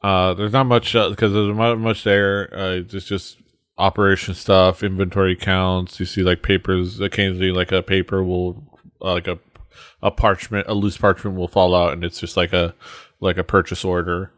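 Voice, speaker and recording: Low-voiced, hesitant game master. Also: male voice, little pitch movement, normal speed, a bit bright, no echo. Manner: hesitant, many fillers and restarts. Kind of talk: narrating a tabletop game.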